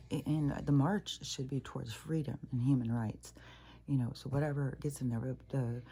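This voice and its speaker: A woman's voice: a bass voice, warm tone. A woman talking in a casual, rambling monologue, blunt and profane, often restarting her sentences. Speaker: spiritual talk creator.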